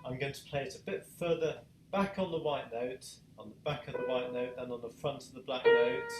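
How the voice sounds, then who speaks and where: This piano teacher speaks briskly with a British accent and a medium-pitched voice whose pitch swoops wildly. Leading an online masterclass over a video call in an echoey room with piano, he asks patient questions and encourages his student.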